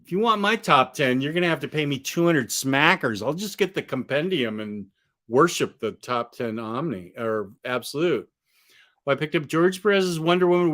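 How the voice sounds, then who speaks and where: A comic book collector streams from his apartment, surrounded by bookshelves, chatting casually and rambling while answering viewers' questions. His voice sits on the high side, animated and fairly bright, at a moderate pace. He has the hiccups and keeps restarting his sentences.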